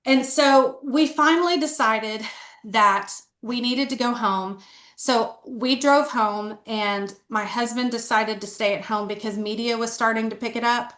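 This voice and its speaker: A woman's voice: on the high side, unhurried, fairly bright tone, echoey room. A middle-aged woman telling her story candidly as a podcast guest, talking earnestly with a lot of "like" fillers. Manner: earnest, conversational, frequent "like" fillers.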